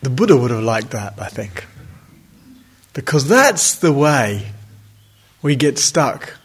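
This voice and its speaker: A man's voice: mid-range voice, very animated, slow, slightly rough. A man giving a reflective, conversational dharma talk as a meditation teacher, with wry asides. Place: retreat center hall.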